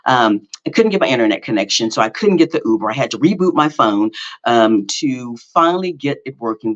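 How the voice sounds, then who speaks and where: A middle-aged man talks through a story in a loose, self-mocking way, circling back with fillers and restarts. His voice sits at an ordinary middle pitch. The recording sounds a little dull and lo-fi. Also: fairly bright tone. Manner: rambling, with many fillers and self-corrections. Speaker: podcast host. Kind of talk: casual storytelling monologue. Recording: slightly dull lo-fi audio.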